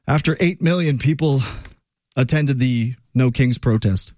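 A man's voice: medium pitch, unhurried, noisy background. A man hosting a radio show, chatting loosely and joking as he introduces a clip. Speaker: radio host. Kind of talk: casual show chat.

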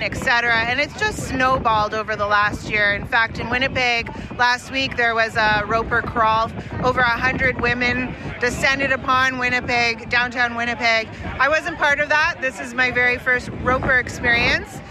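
A woman in her forties, interviewed as a fan, telling her story in a relaxed way. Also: fairly high pitch, rough recording. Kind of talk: street interview.

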